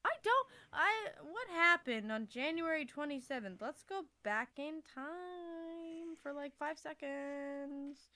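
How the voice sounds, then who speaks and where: A podcast co-host with a high, sharp-toned voice speaks slowly and expressively, reading from an old notebook. The chat is casual, and she rambles, laughs and swears along the way.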